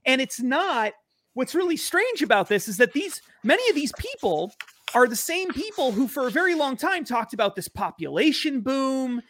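A man's voice: very high voice, sing-song, moderate pace, a bit bright, a little hiss or hum. A man co-hosting a casual political talk show, earnest and thinking aloud as he goes. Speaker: podcast co-host.

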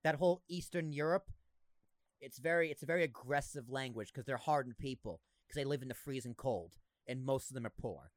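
A man's voice: mid-range voice, brisk, no echo. A man guesting on a podcast in casual chat, giving blunt, joking opinions.

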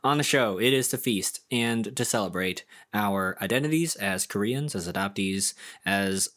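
Relaxed joking young man. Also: lowish voice, moderate pace. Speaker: podcast co-host. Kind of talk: casual chat.

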